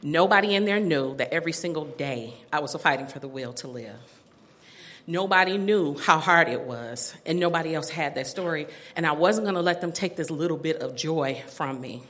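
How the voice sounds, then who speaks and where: A middle-aged woman recounts her own story for a listening audience, self-mocking and quick to laugh. Her pitch swings widely as she talks. Her voice is bright and forceful. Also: lively intonation. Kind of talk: personal story told to an audience.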